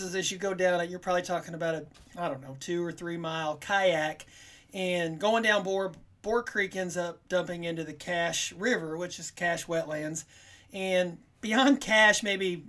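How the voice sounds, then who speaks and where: A man telling a long hunting story on a casual podcast, rambling and animated, acting out what people said. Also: high-pitched. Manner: rambling, animated, quotes himself in little voices.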